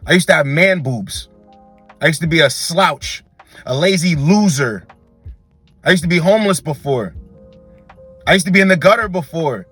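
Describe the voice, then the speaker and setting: A man's voice: fairly high pitch, expressive, normal speed, long pauses, fairly bright tone, breathy edge, soft background music. A young man hosting a dating advice monologue, blunt and emphatic, repeatedly calling the listener bro. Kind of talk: direct-to-camera advice monologue.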